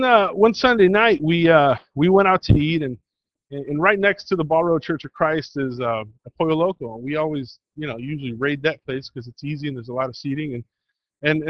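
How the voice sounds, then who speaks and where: A man preaching an informal sermon in a church, telling a story in a rambling, halting way full of restarts. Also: fairly high pitch, no room sound, dull audio.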